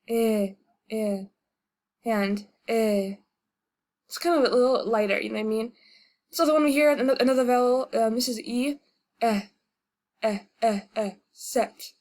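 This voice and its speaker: A native English-speaking woman giving a casual video lesson, hesitant and full of ums as she slowly sounds out vowels one by one. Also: on the high side. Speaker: language tutorial host.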